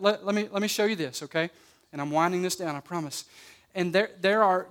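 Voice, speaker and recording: A pastor preaching a sermon at a church service, emphatic, swinging between loud and soft and repeating words as he starts his phrases. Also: sits high.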